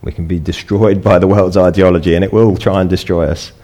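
A middle-aged man delivers a sermon in a relaxed, conversational way. His voice sits low, and he pushes it up into emphatic peaks when he wants to stress a point. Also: fairly quick. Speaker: pastor.

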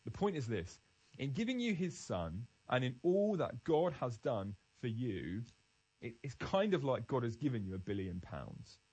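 A man's voice: mid-range voice, sing-song, moderate pace, a little mellow, poor audio. A man giving an earnest, emphatic devotional Bible talk, restarting phrases as he goes. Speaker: Christian speaker.

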